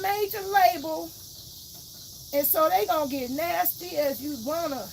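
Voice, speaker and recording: Casual livestream host, woman, outspoken ranting, gravelly voice. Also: very high voice, measured pace, slight background noise, rough recording. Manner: ranting, outspoken, swears freely. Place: garden outdoors, then indoors.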